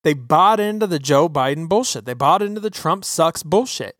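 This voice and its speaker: A male podcast host on a profane political rant, his pitch swinging widely as he hammers his points home. He sounds close and dry on his microphone, with no room sound. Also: moderate pace, no echo. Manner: swearing, ranting, animated and emphatic.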